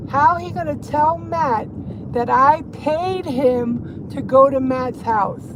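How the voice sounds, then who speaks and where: A woman takes it slowly in a high voice as she drives and livestreams from her car, gossiping casually. Her talk rambles, swears and breaks into laughter. Road noise sounds in the background.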